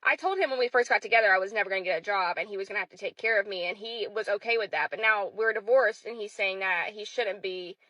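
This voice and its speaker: A woman's voice: mid-range voice, fast talker, few pauses, sharp tone, no echo, poor audio. A divorced mother venting to camera in an indignant, complaining way.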